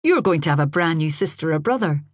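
A woman reading the part of a cheerful young father who coaxes and jollies his small son along with bright, brisk encouragement. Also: low voice, animated, dry recording, clean studio sound. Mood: coaxing.

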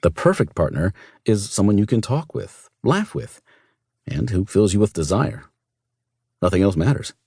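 A man narrating a first-person audiobook in a smooth, measured storytelling manner. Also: on the low side, big pitch swings, darkish tone, dry recording, clean studio sound.

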